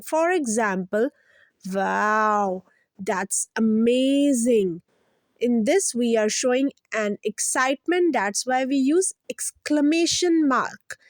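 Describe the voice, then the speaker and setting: Slow, high-voiced woman teaching kids. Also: no room sound, studio quality. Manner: repeats each point plainly, asks kids to guess. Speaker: children's teacher, channel host. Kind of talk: slow, simple lesson for kids.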